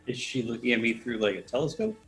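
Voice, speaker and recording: A man's voice: medium pitch, big pitch swings, fast, husky, faint music behind. A man playing in a tabletop game, asking questions and cracking offhand jokes. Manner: joking, offhand. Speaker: player.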